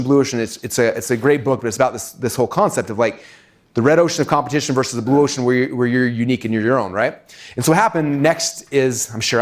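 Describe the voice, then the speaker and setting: A man with an American accent giving a live seminar talk to an audience in a fast, casual way, full of "like" and "right?". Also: a little high. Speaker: speaker teaching marketing to an audience.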